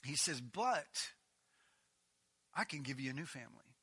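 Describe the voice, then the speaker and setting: Man, sermon, scripture reading, emphatic asides, bright tone. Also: mid-range voice, lively intonation, measured pace, breathy edge. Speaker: preacher.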